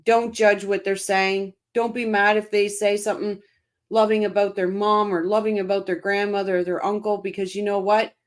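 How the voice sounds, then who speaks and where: A woman's voice: medium pitch, little pitch movement, moderate pace. A woman hosting a casual live-stream, reading out viewer comments by name and answering them with emphatic, impassioned commentary, often repeating her phrases.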